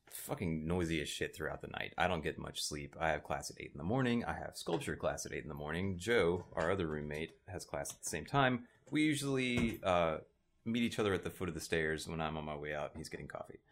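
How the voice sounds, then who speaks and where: A man telling a profane story in casual chat, growing loud and laughing as it builds. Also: extremely low pitch. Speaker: storyteller on a podcast.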